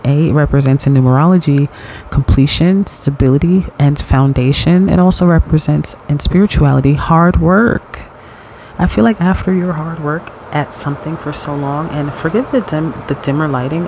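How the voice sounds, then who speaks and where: A man giving a casual pick-a-card tarot reading at home at night, chatty and excitable, laughing often and restarting his sentences. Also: a little high, slight background noise, poor audio. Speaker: tarot reader. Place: home at night in dim lighting.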